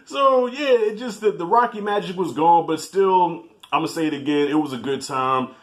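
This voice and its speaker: A man's voice: fairly high pitch, fairly quick. A man hosting a casual movie review video, talking in a loose, profane, chatty way. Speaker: movie reviewer, channel host.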